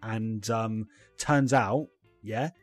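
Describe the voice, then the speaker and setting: A man's voice: fairly low pitch, extremely slow, no room sound, faint music behind. A young man, co-hosting a casual comedy chat, riffing playfully with lots of fillers. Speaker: podcast co-host.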